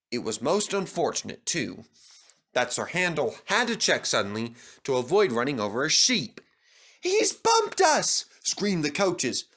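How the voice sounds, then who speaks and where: Slow expressive male storybook reader. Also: mid-range voice. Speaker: narrator. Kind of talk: storybook reading.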